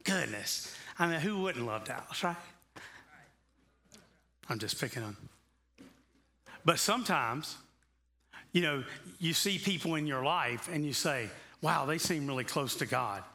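A pastor delivers a sermon from the pulpit of a church. His voice sits a little high and rings bright. He talks in a loose, conversational way and then builds to earnest, passionate emphasis. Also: expressive, a little slow, long pauses. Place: church sanctuary.

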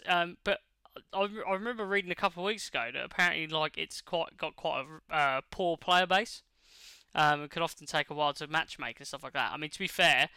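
A man's voice: a little high, pushed and bright, smooth, no echo. A man, co-hosting a podcast in casual, sweary chat full of fillers and restarts. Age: late 20s. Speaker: podcast co-host.

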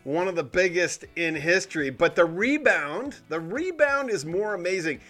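A man hosting a weekly commentary show, talking in a sarcastic, cynical tone with animated emphasis. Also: sits high, moderate pace. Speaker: podcast host. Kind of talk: sardonic commentary monologue.

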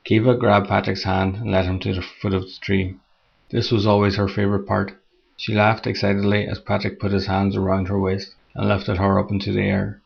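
A man narrating a scripted horror story in a steady, measured reading, on a dull lo-fi recording. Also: on the low side, gravelly, breathy edge.

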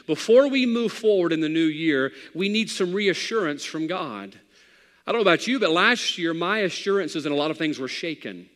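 A man preaching a sermon as pastor, swinging between loud passages and hushed ones. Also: sits high, in a large hall.

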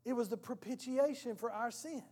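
A male pastor giving a sermon in a church, telling an animated story and acting out its scenes. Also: very high voice, normal speed. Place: church hall. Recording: long reverb of a church hall.

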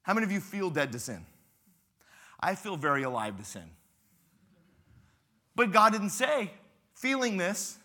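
A man's voice: high-pitched, very animated, normal speed, pauses often, pushed and bright. A man, a pastor preaching at a youth rally with playful, dramatic storytelling.

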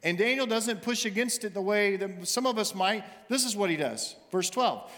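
A middle-aged minister preaches in a bright, high voice, driving his points home with short, punchy, repeated lines. His sermon rings out with a long reverb through a church sanctuary. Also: expressive, moderate pace, hardly any pauses. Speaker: senior minister.

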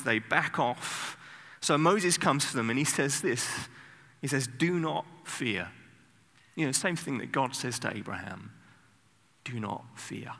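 A man preaching a sermon, telling the story with lively bursts of acted shouting. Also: medium pitch, vocal fry. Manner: animated storytelling, sudden loud acted outbursts. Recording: long hall reverb.

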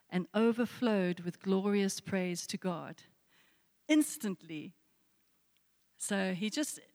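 A woman preacher giving a sermon, telling a story and asking her listeners again and again to imagine it. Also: a little high. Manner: storytelling with repeated rhetorical questions. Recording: long hall reverb.

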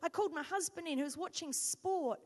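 A woman from Australia preaching a sermon as pastor, with animated storytelling and self-mocking humor. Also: very high-pitched, fairly quick. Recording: long hall reverb.

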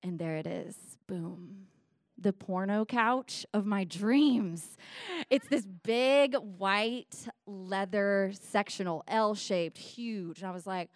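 A young woman telling a bawdy comic story, animated and full of voiced asides. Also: mid-range voice, slow pace, no echo, studio quality. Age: young adult.

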